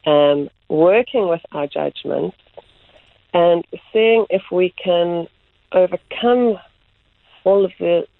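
A woman who runs art workshops, a guest explaining her approach in measured speech that slows on key words. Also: fairly low pitch, creaky, no room sound. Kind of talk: reflective interview answers. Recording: phone-like line, dry.

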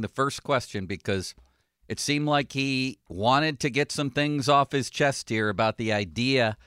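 A man's voice: fairly low pitch, a bit bright, dry recording, studio quality. A man hosting a sports talk show, chatting casually and giving blunt opinions.

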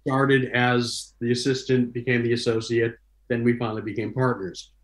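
A man telling stories from his career in a casual, animated way, acting out the voices of the people in his stories. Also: mid-range voice, moderate pace, echoey room. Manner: animated, acts out quoted dialogue in different voices. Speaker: guest recalling his career. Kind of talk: casual storytelling.

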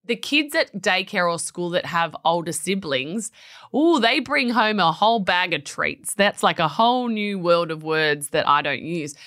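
A woman co-hosting a casual podcast chat, telling animated stories and acting out her kids' voices. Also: lowish voice, measured pace. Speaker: podcast co-host.

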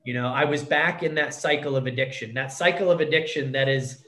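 A man's voice: medium pitch, brisk, fairly bright tone. Profane man telling his story, echoey room. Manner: blunt, profane, says "dude" a lot. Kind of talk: candid recovery story.

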